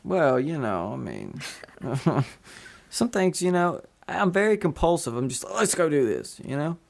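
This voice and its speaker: A man's voice: a little high, very animated, unhurried, creaky. A man hosting a podcast in casual chat, rambling with many fillers and restarts. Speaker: podcast host.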